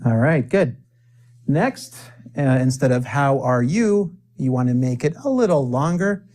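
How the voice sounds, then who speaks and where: Slow, pausing man teaching English. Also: medium pitch, lively intonation, a little mellow. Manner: slow, with deliberate pauses for the viewer to repeat; playful, joking asides to the viewer. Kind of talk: spoken-English lesson with repeat-after-me drills.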